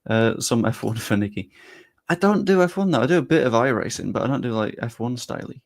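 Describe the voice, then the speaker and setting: A man's voice: medium pitch, lively intonation, fairly quick, vocal fry. A young man hosts a casual live stream. His voice sits in an ordinary middle register, and he rambles easily and a bit sweary, speaking directly to his viewers. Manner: chatty, loose, mildly sweary, talks to chat.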